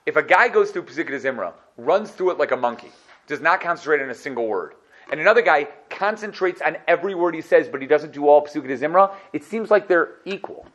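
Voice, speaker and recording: A man teaching a Talmud class, lively and animated, repeating key phrases and asking rhetorical questions. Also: a little high, quick pace, a little hiss or hum. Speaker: Torah teacher. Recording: dull lo-fi recording.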